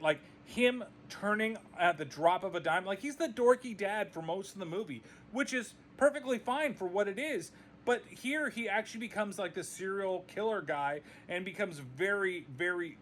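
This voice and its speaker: Man, movie vlogger, high voice, profane exasperated rant. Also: a bit bright, a little hiss or hum. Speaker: movie reviewer. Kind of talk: casual video review.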